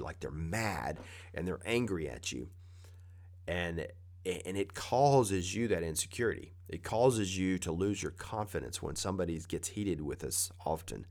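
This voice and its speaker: A man giving a conversational motivational talk, coaching with plain repeated advice. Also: low voice.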